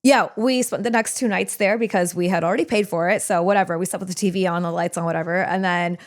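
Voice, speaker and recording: A young woman telling a personal story in casual podcast chat, animated and full of "like" fillers. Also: on the low side, fast. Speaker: guest storyteller.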